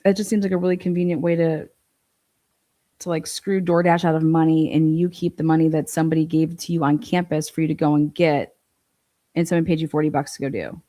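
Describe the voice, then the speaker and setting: A woman commentating on a true crime livestream, blunt and incredulous, swearing freely. Her voice is a touch low and mellow, with no sharpness in it. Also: level tone, brisk.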